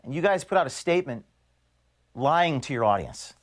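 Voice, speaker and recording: A man's voice: on the high side, sing-song. Earnest man giving an office statement. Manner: earnest, measured, grievance-laden. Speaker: organization founder addressing staff. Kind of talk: prepared video statement. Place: office at headquarters.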